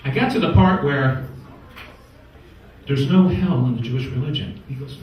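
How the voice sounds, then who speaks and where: A man from New doing a stand-up comedy set, wisecracking with deadpan setups and punchlines. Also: medium pitch, normal speed, long pauses, a little hiss or hum. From New York. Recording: echoey room from far off.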